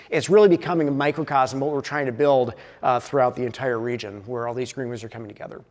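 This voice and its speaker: A medium-pitched male voice carries the big-room sound of a conference hall. He presents with lots of filler words, frequently starting sentences over.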